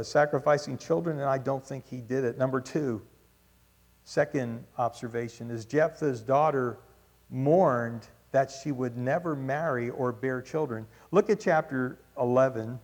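A man preaching a sermon with emphatic, rhetorical delivery. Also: a little high. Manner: emphatic, rising to rhetorical questions. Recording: long hall reverb.

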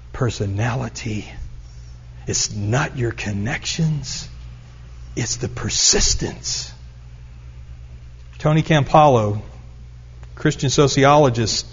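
A man's voice: medium pitch, husky. A middle-aged man preaching a sermon, telling stories and building up to emphatic repetition. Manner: storytelling, rising to emphatic repetition. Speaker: pastor. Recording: dull lo-fi recording.

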